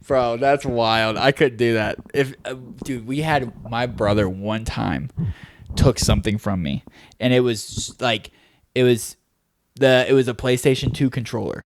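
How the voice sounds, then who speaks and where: Young guy cohosting a podcast, chatty and animated, says like and dude a lot, dry close sound. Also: mid-range voice, measured pace, no room sound. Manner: animated storyteller, heavy filler use of "like" and "dude". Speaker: podcast co-host. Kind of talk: casual chat.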